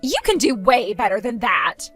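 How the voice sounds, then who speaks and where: A woman's voice: on the high side, very animated, normal speed, a bit bright, faint music behind. A woman voicing a spoiled, vain young woman who gloats, insults and giggles in a text-story skit. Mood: demanding.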